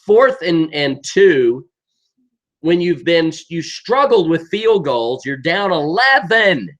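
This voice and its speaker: A man's voice: on the high side, big pitch swings, slow, a bit bright, dull audio. Exasperated man ranting about football. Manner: exasperated, emphatic, keeps asking "okay?". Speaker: sports commentator. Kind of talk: football rant.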